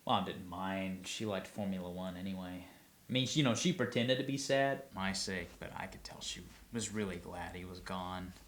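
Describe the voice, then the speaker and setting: A man's voice: sits low, normal speed, fairly bright tone, roomy sound. A young man playing a flustered patient in a comedy short, rambling and stammering. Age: young adult. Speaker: actor in a student comedy film.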